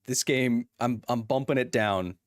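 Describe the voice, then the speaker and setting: A man hosting a live game stream, joking and commenting excitedly as he plays. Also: mid-range voice, unhurried, dry recording, studio quality. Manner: jokey, excitable, chatty. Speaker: streamer and host. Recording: stream music playing underneath.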